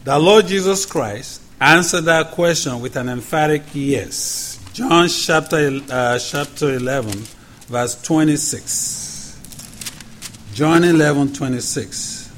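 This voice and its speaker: A man, a pastor, leading a prayer and then preaching a sermon in a church, speaking deliberately and repeating questions for emphasis. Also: fairly high pitch, fairly bright tone, slight background noise. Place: church sanctuary.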